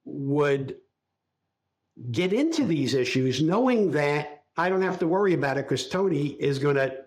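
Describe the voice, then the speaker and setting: An older man as a podcast guest, recalling his life in a reflective, halting storytelling way. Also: on the high side, expressive. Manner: reflective, speaks in halting restarts while recalling. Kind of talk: casual interview storytelling.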